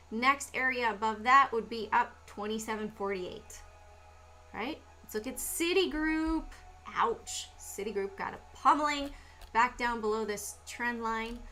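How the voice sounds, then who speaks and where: A woman hosting a stock market livestream, talking through charts in a casual, animated way with lots of rhetorical questions. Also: on the high side, a little hiss or hum.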